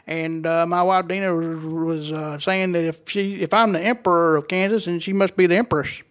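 A man doing a folksy halting caller. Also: high voice, steady tone, fairly bright tone.

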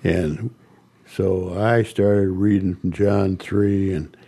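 An older man tells stories at a slow, unhurried pace. His voice is low and mellow. He talks haltingly, with frequent restarts and soft chuckles. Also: steady tone, husky. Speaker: interviewee recounting ministry. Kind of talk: storytelling interview.

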